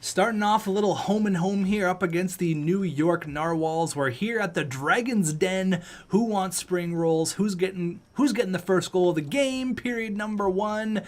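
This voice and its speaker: A man's voice: high voice, normal speed, hardly any pauses. A young man hosting casual video game commentary, upbeat and joking as he talks straight to his viewers. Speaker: gaming channel host.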